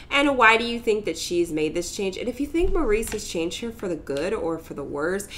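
A young woman hosts a casual game playthrough, her pitch swinging freely as she chats. She giggles and tosses in quick character asides, with a faint hiss of noise behind her. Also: fairly bright tone. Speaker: let's play host.

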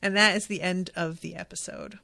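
A woman's voice: on the low side, fairly even intonation, a little fast, vocal fry, bright, forceful tone, no echo, studio quality. A woman hosting a podcast, recapping a TV episode in casual chat with plenty of enthusiasm and swearing, and reading out listener comments. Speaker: podcast host.

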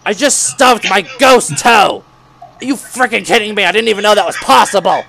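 A man doing a shrieking gravelly animatronic fox. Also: sits high, moderate pace, pushed and bright, a little hiss or hum, exaggerated voice. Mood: ranting. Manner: shrieks and rants, hammy. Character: hot-tempered male animatronic pirate fox.

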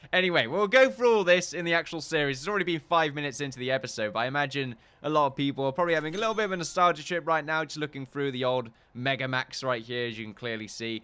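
Lively, bright-voiced young man gaming. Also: a little high, clear, resonant tone. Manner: chatty, joking, swears and laughs while playing. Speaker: gaming YouTuber. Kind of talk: casual let's-play commentary.

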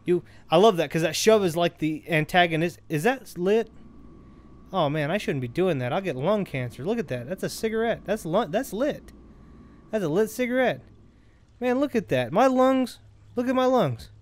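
Rambling, excitable young-sounding gamer guy. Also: high-pitched, normal speed. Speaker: gameplay commentator. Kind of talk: casual let's-play commentary.

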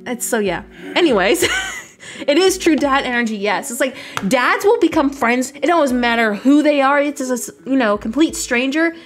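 A woman's voice: high-pitched, sing-song, moderate pace, soft background music. A young woman from the United States, chatting casually and laughing while streaming a video game. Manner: chatty, laughing, rambling with fillers.

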